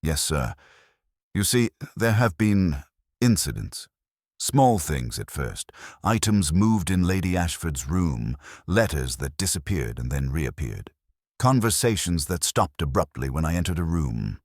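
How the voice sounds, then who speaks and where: A man's voice: very deep voice, sing-song, measured pace, dry recording, studio quality, heavily acted. A man voicing a nervous young lady's maid who speaks hesitantly and politely. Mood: anxious.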